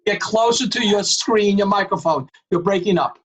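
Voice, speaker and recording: A man's voice: high voice, moderate pace, crowd noise, low-quality recording. A man chairing an online board meeting over a video call, emphatic and calling on members by name.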